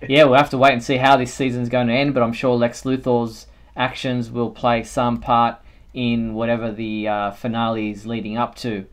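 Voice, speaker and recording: A man's voice: mid-range voice, flat delivery, normal speed. A man hosting a live fan show, chatting casually and thinking aloud with plenty of fillers. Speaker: host.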